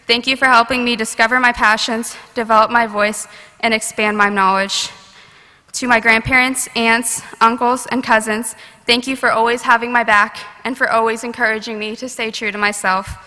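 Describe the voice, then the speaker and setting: A teenage girl delivers a heartfelt prepared graduation speech, her voice bright and slightly high. She speaks at a podium microphone. The sound rings with the long reverb of a large ceremony hall. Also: little pitch movement, normal speed. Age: late teens.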